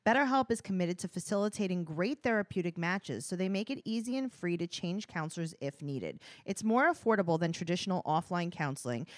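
A woman hosting a podcast, reading a sponsor ad in an upbeat, even way. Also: medium pitch, no echo, clean studio sound. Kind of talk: scripted ad read.

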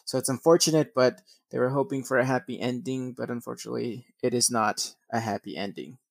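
Give me a young adult podcast host reading news stories with offhand asides, mid pitch, dry sound. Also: no room sound. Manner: swears often, laughs, trips over words.

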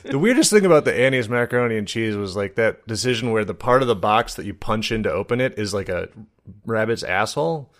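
A man's voice: fairly low pitch, expressive, a little fast. A man co-hosting a podcast in casual chat, telling rambling, jokey stories full of fillers. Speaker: podcast co-host.

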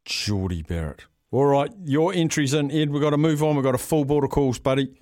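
Brisk New Zealand radio host. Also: male voice, mid-range voice, darkish tone, no echo, clean studio sound. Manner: brisk, friendly banter. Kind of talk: radio talkback.

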